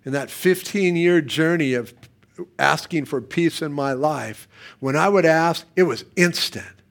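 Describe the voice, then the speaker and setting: A middle-aged man preaching a sermon as pastor, swinging between quiet, soft passages and sudden loud, emphatic bursts. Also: a little high, a little slow, vocal fry.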